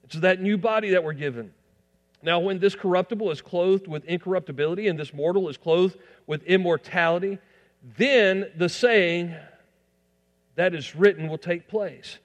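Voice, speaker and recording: Brief: man delivering a sermon in a reverberant church, rising emphasis then soft asides. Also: high-pitched, normal speed. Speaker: pastor.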